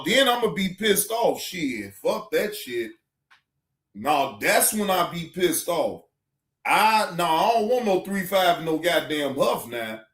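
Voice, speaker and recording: A man's voice: high-pitched, fairly bright tone, echoey room. A man hosting a livestream in casual chat, rambling loosely with slang and swearing as he talks to his chat. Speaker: livestream reaction host.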